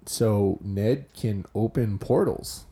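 A man's voice: on the low side, takes it slowly, warm tone. A man co-hosting a podcast, talking casually and reflectively about a movie. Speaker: podcast co-host.

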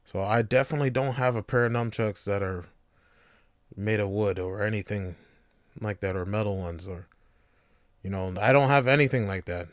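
A man's voice: on the low side, moderate pace, pauses often, no echo, studio quality. A man hosting a casual solo podcast monologue, joking, swearing and laughing often. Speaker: podcast host.

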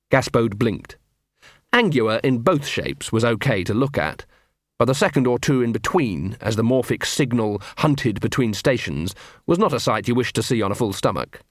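Expressive male audiobook narrator. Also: mid-range voice, moderate pace, dry recording, studio quality. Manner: expressive, character-driven storytelling. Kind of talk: scripted narration.

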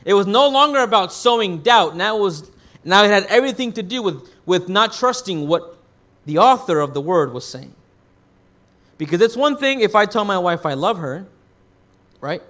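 A man's voice: sits high, animated, moderate pace, a bit bright. A man preaching a sermon as pastor. He asks the congregation questions and answers them himself, rephrasing as he goes. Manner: rephrases and restarts mid-thought.

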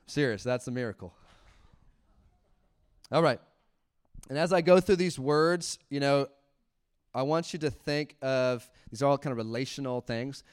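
A man preaching a sermon in church, animated, laughing often and acting out little quotes. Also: mid-range voice, a little slow, pauses often, clean tone. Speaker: pastor.

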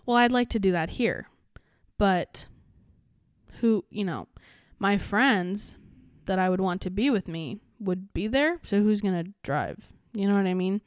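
A woman's voice: mid-range voice, animated, a little slow, clean tone, no room sound, clean studio sound. Chatty young woman rambling on her podcast. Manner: rambling, chatty, many fillers and restarts. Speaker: podcast host. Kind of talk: casual solo podcast chat.

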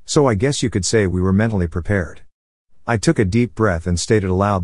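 A man reads a first-person story aloud in a steady, scripted style. His voice sits low, and the recording is dry and close to the mic. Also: brisk, no echo. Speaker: story narrator.

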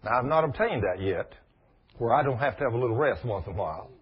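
A man preaching a sermon with animated delivery, turning to speak to people in the room as he goes. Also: medium pitch, fast talker, breathy edge. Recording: dull lo-fi recording.

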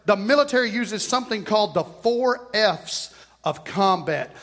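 High-voiced preaching man. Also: moderate pace, in a large hall. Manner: animated preaching with call-and-response. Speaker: pastor. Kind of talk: sermon. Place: church sanctuary.

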